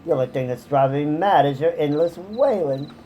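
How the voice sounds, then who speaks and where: A woman voicing a brash, tough warrior woman in a game who scolds loudly and gruffly. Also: deep voice, lively intonation, a little fast, a little hiss or hum, poor audio. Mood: scornful.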